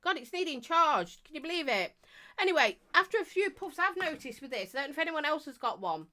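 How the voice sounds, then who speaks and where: A woman's voice: sits high, sing-song, fairly quick, sharp tone. A woman hosting a live stream, chatting casually and rambling as she greets viewers and laughs often.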